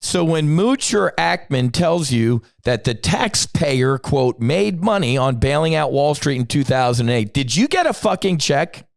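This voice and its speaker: A man's voice: on the high side, sing-song, unhurried, vocal fry, few pauses, no room sound, studio quality. A middle-aged man hosting a podcast, delivering a blunt, profane, combative rant with sudden emphatic bursts. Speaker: podcast host.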